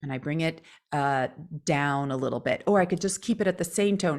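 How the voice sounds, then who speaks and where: A woman's voice: sits low, brisk. A woman from California, a voice coach co-hosting a casual podcast, talking expressively and shaping her intonation to make her points. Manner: expressive, plays with intonation to demonstrate.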